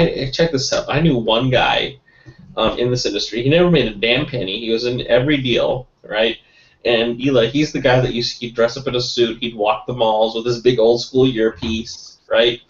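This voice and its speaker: A man giving a casual motivational sales talk, lively and often tagging on "right?". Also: mid-range voice. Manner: lively, keeps adding "right?", laughs often. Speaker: guest sales trainer. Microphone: webinar call mic. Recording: roomy, distant, dull call audio.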